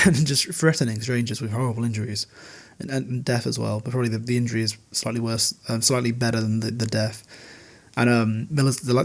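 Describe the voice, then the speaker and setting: A man's voice: mid-range voice, steady tone, a little fast. A man hosting a podcast, chatting casually in a recap, laughing often and swearing freely. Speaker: podcast host.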